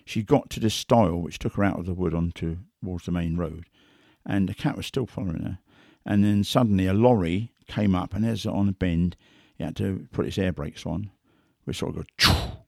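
A man's voice: sits low, brisk, vocal fry, few pauses, no room sound, clean studio sound. A man talking as a big cat investigator, telling stories and acting out quotes and sounds. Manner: animated, acts out quotes and sounds. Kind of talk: conversational storytelling.

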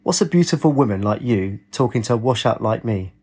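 Man voicing a gravelly, cynical ex-soldier. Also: mid-range voice, expressive, mellow. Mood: wary. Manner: blunt, cynical, slow. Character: homeless one-armed ex-Marine man, cynical and worn.

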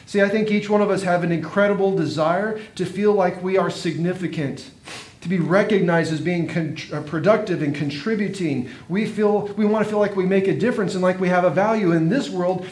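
A man preaching a sermon, earnest, with dramatic pauses and swelling emphasis. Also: darkish tone. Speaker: pastor. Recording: echoey room with faint noise and rumble.

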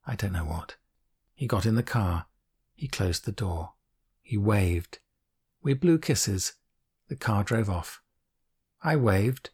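Older guy reading his memoir, husky low voice, quiet and wistful, soft music behind. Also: animated, slow pace, long pauses. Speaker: author and narrator. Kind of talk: memoir narration. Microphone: studio mic.

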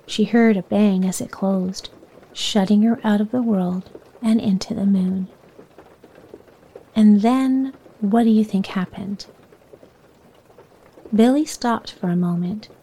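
A woman reading a children's bedtime story aloud in a soft voice that often sinks near a whisper. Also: mid-range voice, slow, pauses often, breathy edge, poor audio.

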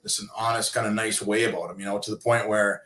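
Low-voiced guy in his 50s telling old stories, lots of uh and kinda, roomy echo. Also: flat delivery, fast, bright, forceful tone. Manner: rambling, many fillers and restarts. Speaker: interview guest, former pro hockey player turned coach. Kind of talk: casual storytelling. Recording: echoey room.

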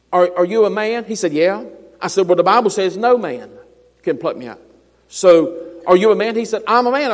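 A man's voice: high-pitched, in a large hall. A man preaching a sermon, folksy and storytelling, rising to emphatic declarations.

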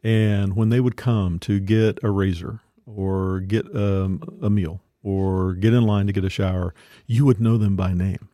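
A man hosting a casual conversation, telling a story with many pauses and fillers. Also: lowish voice, fairly even intonation, warm tone, no room sound, clean studio sound.

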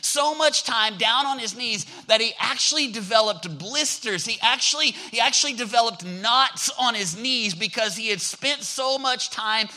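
A man's voice: extremely high pitch, normal speed, few pauses, sharp tone, low-quality recording. A male pastor preaching a sermon with energy, drawing the congregation in with call-and-response prompts.

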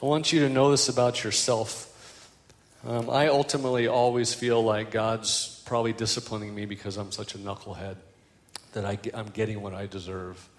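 A man's voice: fairly low pitch, flat delivery, normal speed, in a large hall. An older man preaching a sermon as a pastor, telling stories with self-deprecating humor.

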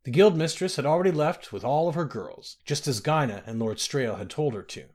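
A man's voice: a little high, a little fast, darkish tone. A man narrating a fantasy story aloud, reading expressively.

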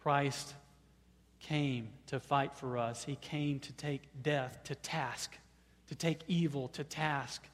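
A man preaching a sermon. He often repeats words as he starts a phrase, and at times he rises to loud, high-pitched proclamation. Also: fairly even intonation, takes it slowly, in a large hall. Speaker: pastor.

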